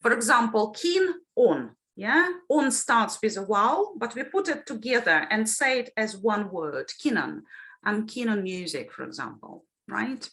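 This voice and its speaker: Lively teacher with a bright voice. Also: female voice, on the high side, moderate pace, hardly any pauses. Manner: explains patiently, often checks in with "yeah?" and "right?". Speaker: teacher trainer. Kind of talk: online phonology lesson. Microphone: video call.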